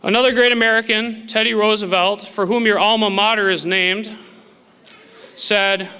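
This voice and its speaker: A male teacher gives a formal, earnest commencement speech to graduating students in a large auditorium, motivating them and quoting famous sayings. His high-pitched voice is bright, forceful and clean, with fairly even intonation at a normal speed, and the hall echoes with long reverb.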